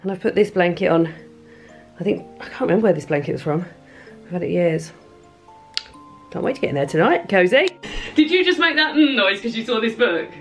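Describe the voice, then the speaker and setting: A woman's voice: medium pitch, expressive, brisk, long pauses, soft background music. A woman chatting casually at home in a book vlog. She rambles a little and says um often. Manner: chatty and rambling, with many ums. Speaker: book vlogger.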